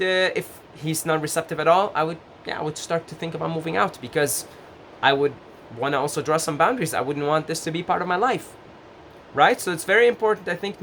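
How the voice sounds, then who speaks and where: A man giving gentle, casual advice straight to the camera, full of fillers and restarts. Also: fairly high pitch, a little hiss or hum. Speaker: advice vlogger.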